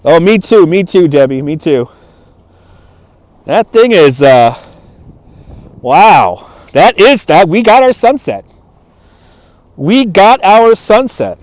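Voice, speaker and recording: A man with a fairly high voice hosts a live stream outdoors, speaking into a phone on a gimbal. He chats loosely and laughs often as he thanks viewers by name. The sound is dry and close. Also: sing-song, slow, long pauses, dry recording. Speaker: livestream host. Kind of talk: live walking stream chat. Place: outdoors on a cold waterfront.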